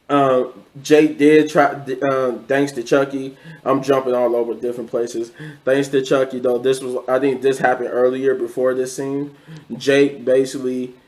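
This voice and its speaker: A man's voice: medium pitch, darkish tone, low-quality recording. A man casually recapping a TV episode, rambling, with many restarts and quoted lines. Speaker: show reviewer.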